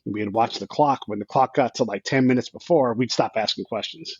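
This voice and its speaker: A man's voice: mid-range voice, fairly quick, husky, no echo, muffled recording. A man in his fifties, a podcast guest, telling a rambling story with many restarts and quoted asides. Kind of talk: casual storytelling.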